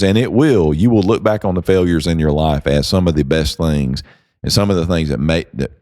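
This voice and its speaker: A man's voice: extremely low pitch, mellow, no echo, studio quality. A man hosting a motivational podcast, talking with emphatic, preacher-like delivery. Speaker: podcast host.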